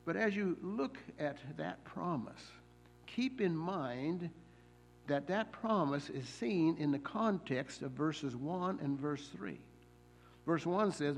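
A man preaching a sermon in church, slowing down to stress the scripture he quotes and often pausing with fillers and repeated words. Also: high voice, animated, gravelly, husky.

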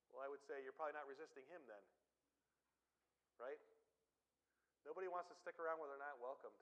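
Male pastor, conversational sermon delivery, slightly higher voice, builds to emphatic points. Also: poor audio. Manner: conversational preaching with personal stories.

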